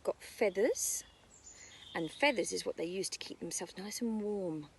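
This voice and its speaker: A British nursery teacher reads a picture book about birds to young children out in a garden, using a sing-song storytime voice. She speaks with a British English accent at medium pitch and an unhurried pace, with slight background noise.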